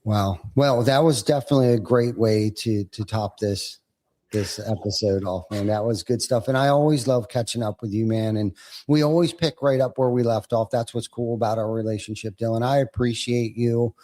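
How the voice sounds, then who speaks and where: A middle-aged man hosting a podcast, affirming his guest with quick, friendly agreement. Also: mid-range voice, warm tone. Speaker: podcast host. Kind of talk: casual podcast chat.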